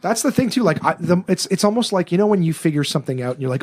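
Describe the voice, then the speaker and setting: A man who is a comedian, telling a story on a podcast in casual chat, animated and swearing freely. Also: sits high, rapid-fire.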